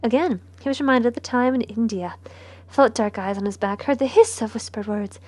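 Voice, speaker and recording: A woman reading a historical novel aloud, softly and often in a near whisper, with casual asides. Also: on the high side, fairly quick, dry recording. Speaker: narrator.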